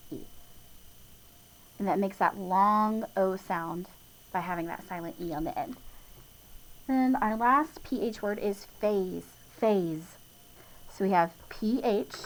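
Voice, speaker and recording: Lady teacher doing a spelling lesson for little kids, sounds out every letter slow and patient, laughs at her own goofs. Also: mid-range voice, low-quality recording. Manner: self-deprecating, chuckles at own slips.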